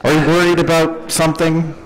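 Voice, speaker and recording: A man co-hosting a casual sports podcast, telling stories in an animated way, full of fillers and laughing at his own jokes. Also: fairly high pitch, brisk, low-quality recording. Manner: animated storytelling, lots of fillers and giggles. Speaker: podcast co-host. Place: live event space with audience.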